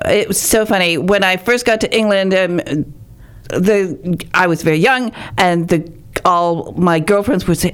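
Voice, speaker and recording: A woman's voice: lowish voice, measured pace, clean tone. An older woman hosting a radio program, chatty and gushing, laughing often as she rambles. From Ireland. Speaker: radio show host.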